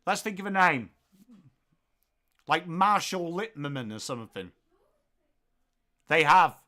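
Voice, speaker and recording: An English man hosting a live football watchalong, calling the play and joking with chat viewers in an excitable, playful way. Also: on the high side, slow pace. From England. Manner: excitable, jokey, bursts into loud calls of the play. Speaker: watchalong host.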